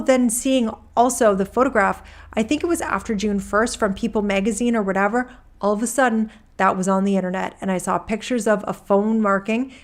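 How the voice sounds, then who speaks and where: With a fairly high voice and a light touch of acting, a woman reads out court testimony in the voice of a male witness at a deposition, who rambles and restarts his sentences casually.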